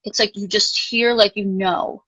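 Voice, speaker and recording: A woman life coach, a guest in a live interview, telling a personal story in a chatty, animated way, full of "like" and casual swearing. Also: mid-range voice, a little slow, husky, rough recording. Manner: chatty, animated, frequent filler "like", casually profane.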